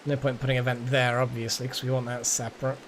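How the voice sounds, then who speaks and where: A man's voice: medium pitch, monotone, fast talker, noisy background. Rambling man streaming. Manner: rambling, swears casually, muses aloud. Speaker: game streamer. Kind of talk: casual gameplay commentary.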